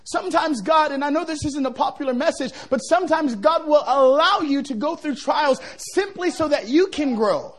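High-voiced joking pastor, rising to shouts. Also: male voice, moderate pace, hardly any pauses. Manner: humorous, builds to shouting. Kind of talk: revival sermon.

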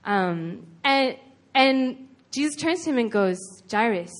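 Woman preacher, slightly high voice, casual and earnest, chatty sermon delivery. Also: animated, slow. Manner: conversational, earnest, retelling scripture with frequent "like".

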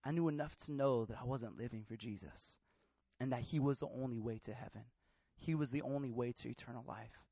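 A man from California telling his conversion story as a sermon, slangy and casual at first, then rising into loud, fervent preaching. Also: medium pitch, fairly quick, no echo. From California, USA. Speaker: preacher giving his testimony. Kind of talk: sermon testimony.

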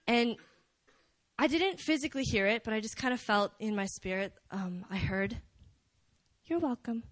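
A young woman giving a casual, story-driven talk at a church prayer meeting, chatty and animated, with many fillers. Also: medium pitch, normal speed, dry recording. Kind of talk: conversational sermon.

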